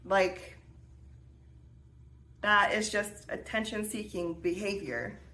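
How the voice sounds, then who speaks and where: A young woman tells a personal story on her podcast in a loose, chatty way. She leans on fillers and restarts her sentences often. Her voice sits at a middle pitch. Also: steady tone, takes it slowly, sharp tone. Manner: chatty, filler-heavy with many restarts and 'like'. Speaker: podcast host. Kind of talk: casual storytelling.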